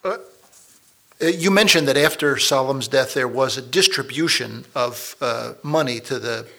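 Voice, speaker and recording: Brief: mid-pitched male interviewer, careful and hesitant in his questions. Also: normal speed, gravelly, bright, forceful tone. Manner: hesitant questioning with repeated starts.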